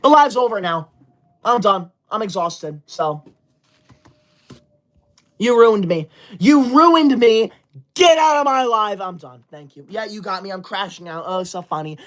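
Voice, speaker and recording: Her mid-range voice is animated and a bit bright, moving at a moderate pace. She's streaming casually from home on a laptop, reading viewers' comments aloud and scolding them with indignation.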